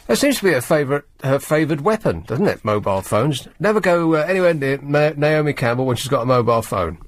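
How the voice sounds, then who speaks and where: Sardonic radio host, lively pitch. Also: male voice, dry recording. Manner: sardonic, reads news items and mocks them. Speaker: radio talk show host. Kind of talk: talk radio monologue. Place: radio studio. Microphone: studio microphone.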